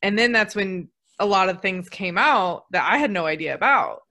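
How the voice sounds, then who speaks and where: A woman's voice: mid-range voice, animated, normal speed, pushed and bright. A young woman hosting a casual conversation, chatty, laughing easily and filling her talk with "like".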